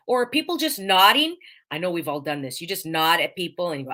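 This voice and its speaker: A woman's voice: fairly low pitch, fast. A woman hosting a live podcast in a casual monologue, telling a story with emphatic repetition and careful diction. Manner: animated storyteller, emphatic repetition, acts out quoted voices; stresses speaking clearly, careful diction. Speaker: host of a live podcast show.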